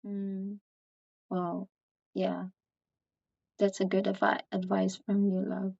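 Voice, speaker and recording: A woman from the Philippines hosting a casual chat, softly agreeing as she listens. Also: medium pitch, monotone, slow pace, vocal fry, no room sound. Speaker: host. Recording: dull lo-fi sound.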